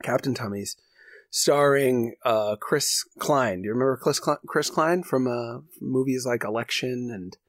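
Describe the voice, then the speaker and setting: A man's voice: medium pitch, unhurried, dry recording, clean studio sound. A man co-hosting a podcast, telling an improvised comedy story in a rambling, laughing way. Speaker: podcast co-host.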